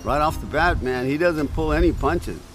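A man's voice: fairly high pitch, normal speed, fairly bright tone, low-quality recording. A man giving a conversational devotional talk outdoors in a breeze, asking his listeners questions. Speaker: preacher. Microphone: camera on a stand.

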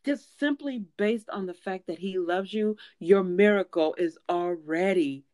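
A woman's voice: mid-range voice, a little slow, a little mellow, no room sound. A woman preaching a sermon in an earnest, emphatic way, with frequent fillers and restarts.

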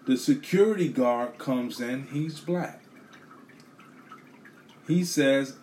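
A man telling a story as a profane rant, animated, swearing a lot and repeating himself. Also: mid-range voice, slow pace, long pauses, a little hiss or hum.

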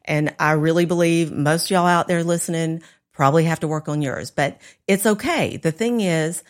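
A woman's voice: deep voice, normal speed. A woman co-hosting a casual chat, candid and self-deprecating, speaking to listeners. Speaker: podcast co-host.

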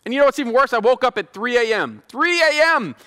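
Male pastor, high voice, crisp and resonant, conversational sermon, long hall reverb. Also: expressive, fast, bright, forceful tone. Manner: conversational and self-deprecating, rising to fervent prayer.

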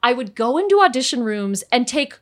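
A woman guest on a podcast, an actress telling stories in a chatty, animated way. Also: on the high side, fairly quick. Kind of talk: casual podcast chat.

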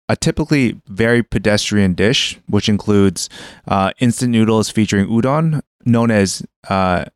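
Guy cohosting a chatty podcast, lowish smooth voice, dry close sound, lots of "like"s. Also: no room sound. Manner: explanatory, loose with fillers and restarts. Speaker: podcast co-host. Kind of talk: casual chat.

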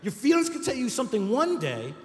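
A high-pitched male pastor delivers a sermon in a chatty, conversational way, tossing "right?" to his listeners again and again. His voice carries through a large church hall with a long, ringing echo. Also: wildly swooping pitch, fairly quick. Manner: conversational preaching with frequent "right?" asides. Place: church sanctuary.

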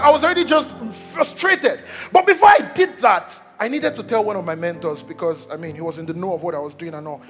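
Nigerian male pastor, 30s, high pitch, animated storytelling sermon over soft music. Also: quick pace, hardly any pauses. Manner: animated storytelling, repeats words, acts out quotes.

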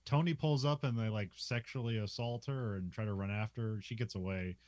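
On a podcast, a male co-host casually recaps a film's plot, laughing often between sentences and filling pauses with "uh" and "like." His voice is lowish, a little mellow and fairly quick. The recording is dry.

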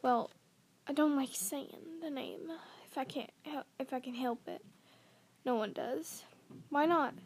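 Gruff, kindly giant groundskeeper, read by a woman; rough and blustering. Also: sits high, unhurried. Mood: earnest.

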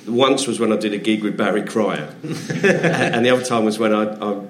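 A middle-aged man, a comedian guest, telling anecdotes in casual, animated chat and swearing freely. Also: lowish voice, moderate pace, roomy sound, a little hiss or hum. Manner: animated, swearing storyteller with restarts.

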